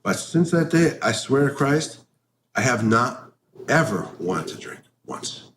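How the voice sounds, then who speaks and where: Guy in an interview, mid-pitched voice, swears a lot, very blunt and animated, faint background noise. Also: measured pace. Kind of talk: candid interview.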